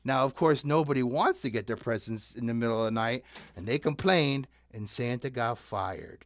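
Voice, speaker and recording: A puppet show host telling silly stories and singing rhymes in an animated, teasing way, recorded in a basement. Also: medium pitch, moderate pace, no room sound, studio quality. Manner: animated, sing-song, teasing with the audience. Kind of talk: playful puppet storytelling.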